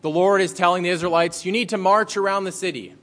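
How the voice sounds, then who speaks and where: A pastor giving a conversational sermon, reading scripture aloud and then explaining it in plain words. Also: male voice, high-pitched, steady tone, quick pace, fairly bright tone.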